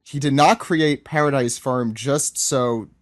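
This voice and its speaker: Podcast co-host, middle-pitched man, playful and chatty, dry room. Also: measured pace, no room sound. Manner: playful, jokey, reads lines aloud. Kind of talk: casual manga recap chat.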